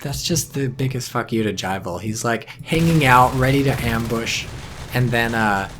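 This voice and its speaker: A man giving casual solo commentary on a competitive video game, rambling and dropping deadpan jokes. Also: medium pitch, moderate pace, slight background noise. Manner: rambling, deadpan jokey asides. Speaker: esports caster.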